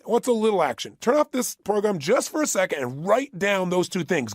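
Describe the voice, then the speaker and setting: A middle-aged man gives an emphatic motivational talk, repeating phrases for effect, in a close studio recording with no echo for a motivational audio program. His high voice swings widely in pitch, with a breathy edge and a fairly quick delivery.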